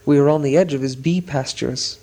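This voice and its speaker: A man reading a storybook aloud, voicing an old, courteous and wise male wizard who speaks in a measured, polite way. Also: medium pitch, steady tone, a little mellow, close to an everyday voice, low-quality recording.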